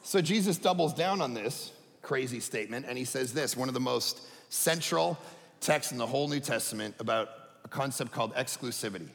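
A middle-aged man preaching a sermon as a pastor, conversational and animated, dropping to a hush and then rising to a shout. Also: medium pitch, brisk, vocal fry. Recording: echoey hall reverb.

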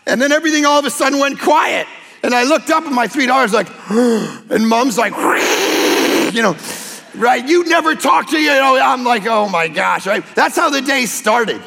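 A man preaching a sermon as pastor, telling lively personal stories and acting out quotes. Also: very high voice, normal speed, creaky, in a large hall. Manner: animated storytelling with acted-out quotes.

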